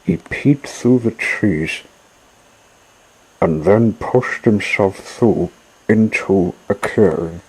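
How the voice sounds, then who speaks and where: A man narrating a children's picture book with a gentle, measured delivery. His voice is fairly low and husky, and he takes his time over every phrase. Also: low-quality recording. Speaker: storyteller. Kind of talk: children's storybook reading.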